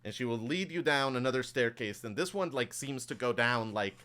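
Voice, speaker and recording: Bright-voiced man narrating a tabletop game. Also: mid-range voice, animated, normal speed. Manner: loose, improvised narration with many fillers. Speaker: game master.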